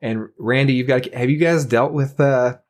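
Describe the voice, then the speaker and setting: A man's voice: medium pitch, normal speed. A man hosting a casual podcast chat, rambling with lots of fillers, laughing often and swearing as he tells stories. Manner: profane, animated storytelling. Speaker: podcast host.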